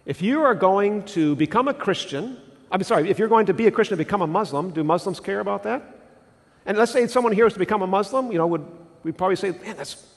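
Lively, high-voiced male pastor preaching. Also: fast talker, gravelly, in a large hall. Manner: animated, asks the congregation questions. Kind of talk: sermon. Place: church sanctuary.

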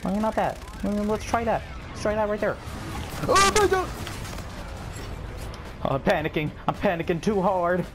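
A young man giving excitable commentary over his own gameplay, yelping, groaning and swearing at the game. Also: sits high, a little fast, background noise. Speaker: gaming channel host.

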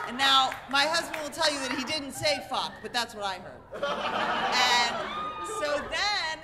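A woman telling a personal story to a live audience, animated, wry and self-mocking. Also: a little high, a little slow. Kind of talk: live comic storytelling on stage. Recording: reverberant hall, faint noise.

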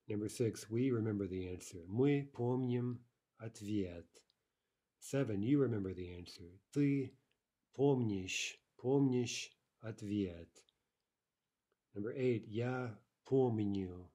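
A man's voice: lowish voice, warm tone, husky. A man teaching a recorded online language lesson, explaining step by step and often checking in with "right?".

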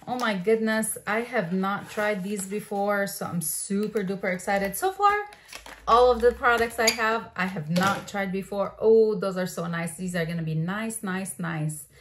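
A woman in a casual unboxing chat, talking at a moderate pitch. She gushes over each item with bubbly, excited exclamations. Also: moderate pace, a little hiss or hum. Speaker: beauty vlogger.

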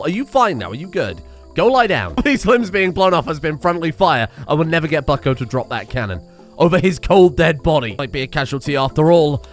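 A man giving excitable, sweary let's play commentary and yelling at the game. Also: fairly high pitch. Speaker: game streamer.

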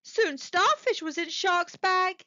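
A woman reading a picture book aloud to young children, gentle, sing-song and expressive. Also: very high voice, slow pace, no room sound. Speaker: children's storytime reader. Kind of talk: slow expressive read-aloud for young kids. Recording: dull lo-fi dry recording.

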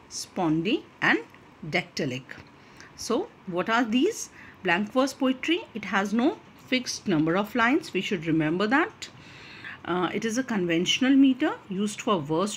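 A woman giving a recorded literature lecture, explaining terms slowly and repeating points with many fillers. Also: medium pitch, a little hiss or hum.

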